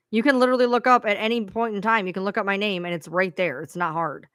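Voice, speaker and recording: A woman's voice: mid-range voice, steady tone, fast, few pauses, fairly bright tone, no echo, clean studio sound. Exasperated woman ranting on a live stream. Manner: exasperated, profane venting. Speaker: livestream host. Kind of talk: live-stream rant to viewers.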